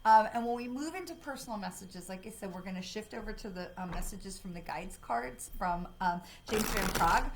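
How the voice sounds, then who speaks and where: A woman hosting a live card-reading stream, chatty and excitable, with lots of fillers, talking from home. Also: medium pitch, moderate pace, few pauses, background noise. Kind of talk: casual livestream talk. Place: home, dog nearby.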